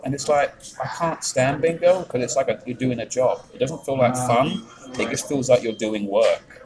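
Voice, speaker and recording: A man's voice: medium pitch, normal speed, crowd noise, rough recording. A man with a Yorkshire accent chatting on a live stream, rambling, swearing freely and reading out chat messages. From England.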